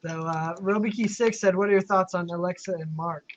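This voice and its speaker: A man with a high voice hosts a casual livestream chat over a video call, loose and chatty, laughing easily. The audio is dull and lo-fi, with a faint hiss underneath. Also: fairly even intonation, brisk. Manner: chatty, laughs often, many fillers. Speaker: live stream host. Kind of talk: casual chat reading viewer questions.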